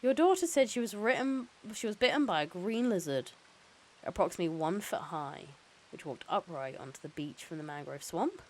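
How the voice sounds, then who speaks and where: A woman reading a soft-spoken male biologist. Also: lowish voice, lively intonation, moderate pace. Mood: reassuring. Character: friendly male field biologist, softly spoken.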